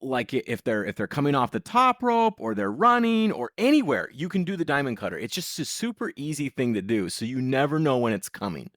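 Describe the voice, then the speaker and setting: A man's voice: mid-range voice, fairly quick, few pauses, no echo, studio quality. A man co-hosting a podcast, recapping wrestling in casual chat with sarcastic jokes. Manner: sarcastic, animated joking. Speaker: podcast co-host.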